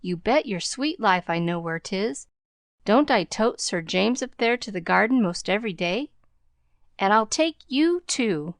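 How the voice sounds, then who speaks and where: A woman's voice: mid-range voice, expressive, unhurried, no echo, clean studio sound. A woman voicing a young street-smart newsboy who talks in clipped slang. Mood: brash.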